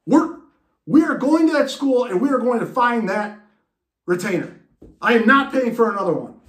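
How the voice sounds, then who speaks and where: A man voicing an angry father who shouts at his son and barks orders, in a roomy space. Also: extremely high pitch, expressive, normal speed, voice pushed up. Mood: furious. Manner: loud, exasperated, barking orders.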